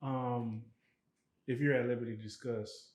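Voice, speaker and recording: A man hosting a casual interview, asking relaxed, halting questions full of fillers. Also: medium pitch. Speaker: podcast host. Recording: roomy echo.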